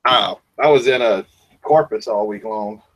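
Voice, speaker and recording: A man's voice: on the low side, unhurried. Easygoing man with a drawl. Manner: easygoing, joking, folksy. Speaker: guest on a video call. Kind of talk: casual chat. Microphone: video call.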